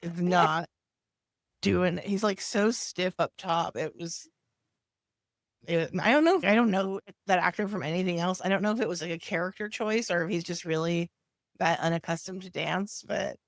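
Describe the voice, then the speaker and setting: A woman with a gravelly, fairly low voice co-hosts a podcast and casually recaps a TV show. She speaks at a moderate pace, and the recording is studio quality with no room sound.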